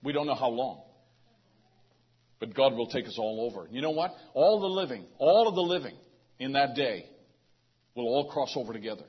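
A man's voice: mid-range voice, slightly rough. A man preaching a sermon to a congregation in a loose, conversational way, often restarting his phrases. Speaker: pastor. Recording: dull lo-fi sound.

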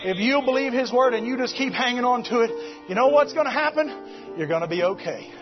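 A man preaching a fervent sermon at a church service, shouting exhortations and calling out to the congregation. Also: very high voice, animated, fairly quick, dull audio, over music. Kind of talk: Pentecostal-style sermon.

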